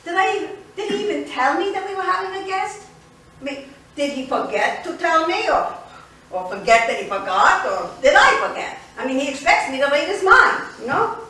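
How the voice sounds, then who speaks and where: An actress in a solo theatrical monologue, playing an older immigrant grandmother who tells her story with expressive, indignant energy, recorded from a distance in an echoey theater. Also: very high-pitched, a little fast, full character voice. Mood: recounting. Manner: expressive storytelling, switching between wistful and fiery. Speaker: solo stage performer. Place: theater stage.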